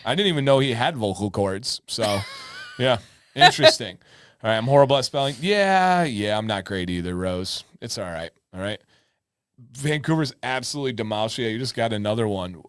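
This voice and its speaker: Lively young man chatting on a live stream. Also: medium pitch, a little fast, clean tone, dry recording. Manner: jokey, self-deprecating, reads out chat comments. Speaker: podcast co-host. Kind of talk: casual live-stream chat.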